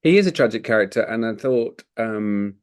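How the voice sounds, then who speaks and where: A man's voice: fairly low pitch, expressive, normal speed, clean tone. A man co-hosting a podcast, chatting loosely about a film, rambling and laughing often. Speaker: podcast co-host. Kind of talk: casual film discussion.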